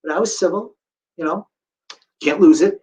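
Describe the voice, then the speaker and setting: A man's voice: high-pitched, moderate pace, mellow, a little hiss or hum, low-quality recording. A middle-aged man giving a live storytelling talk to an audience, acting out the voices of the people in his story. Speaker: guest speaker telling a survivor story.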